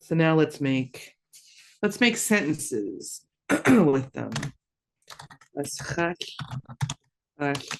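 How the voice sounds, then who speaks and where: A woman teaching a language lesson, slow and patient, repeating words for learners to echo. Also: sits low, big pitch swings, noisy background.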